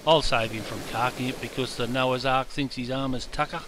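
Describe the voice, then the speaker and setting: A man's voice: mid-range voice, brisk, background noise, natural voice. A man doing a laid-back Aussie beach bloke. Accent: Australian. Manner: easygoing, calming, slangy. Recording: outdoors with loud surf and waves.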